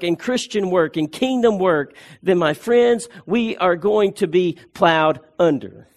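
A male pastor with a high-pitched voice, delivering a sermon. He presses his points hard, repeating phrases for emphasis and stumbling into restarts along the way.

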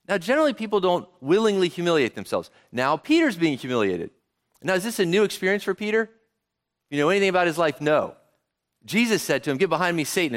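A man preaching a sermon as pastor, often asking the congregation and kids questions. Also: on the high side. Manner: animated, asks the congregation questions.

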